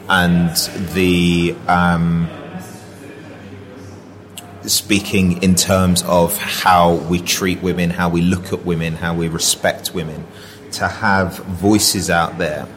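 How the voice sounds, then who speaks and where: A man, an actor, telling personal stories as an interview guest in an earnest, reflective way. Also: deep voice. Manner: earnest, reflective, with many restarts and fillers. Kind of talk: casual interview storytelling.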